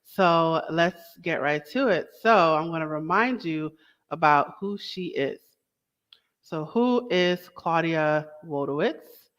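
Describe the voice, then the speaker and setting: Slow, chatty woman hosting a show. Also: low voice, expressive, fairly bright tone, muffled recording. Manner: chatty, enthusiastic, with small asides and self-corrections. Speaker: host. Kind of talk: casual podcast introduction.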